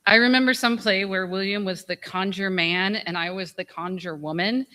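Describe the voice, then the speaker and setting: A woman's voice: medium pitch, normal speed, sharp tone. A woman giving a memorial speech, telling funny stories, laughing often and swearing candidly. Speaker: eulogy speaker. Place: memorial gathering.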